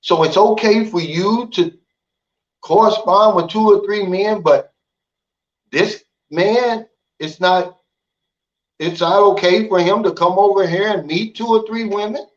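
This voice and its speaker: A blunt man holds forth on his livestream, folksy and opinionated, with a voice pitched a touch high. The stream audio sounds dull and lo-fi. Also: a little slow. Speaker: livestream host. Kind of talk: casual livestream chat.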